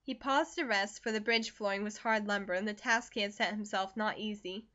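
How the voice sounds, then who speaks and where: A woman narrating a classic novel as an audiobook, expressive and measured. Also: medium pitch, highs cut off. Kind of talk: scripted narration.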